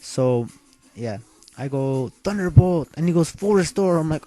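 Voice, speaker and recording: A man's voice: on the high side, expressive, measured pace, warm tone. A young man casually recapping a video game battle move by move in a laid-back, slangy way. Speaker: video game let's player. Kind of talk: casual gameplay recap commentary.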